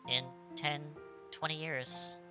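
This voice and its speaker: A streamer voicing a stern but gentle young woman, reading her game lines softly and wistfully. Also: medium pitch, little pitch movement, takes it slowly, over music, natural voice.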